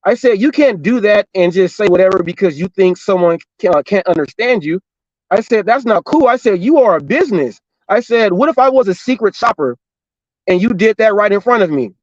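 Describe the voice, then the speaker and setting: High-voiced man telling a story animatedly. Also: brisk, dry recording, muffled recording. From Los Angeles and Orange County, California. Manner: animated, repetitive retelling with quoted dialogue. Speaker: gig delivery driver and show host. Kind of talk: casual storytelling monologue.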